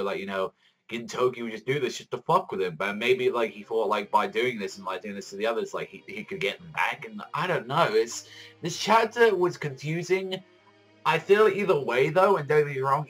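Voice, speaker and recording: A man giving casual reaction commentary on a manga chapter, excitable and profane, rambling with lots of fillers. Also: fairly low pitch.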